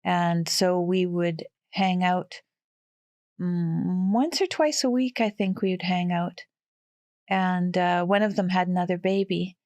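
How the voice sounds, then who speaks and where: A woman in her sixties from western Canada tells stories in a lively, animated way, often breaking into laughter. Her voice sits in a middling register. The recording is close and dry. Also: on the low side, takes it slowly, no room sound. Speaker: guest. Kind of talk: casual storytelling.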